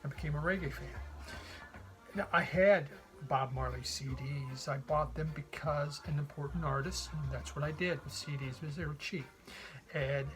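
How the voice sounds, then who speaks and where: A middle-aged man hosting a casual vlog about records, telling stories in a relaxed, rambling way. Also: a little high, low-quality recording. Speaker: vinyl record collector host.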